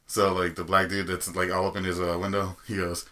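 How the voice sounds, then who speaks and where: Lower-pitched podcast guy, rambles a lot, um uh you know, bright edgy tone. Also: monotone, brisk. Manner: rambling, hesitant, lots of fillers. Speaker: podcast co-host. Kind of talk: casual chat, storytelling.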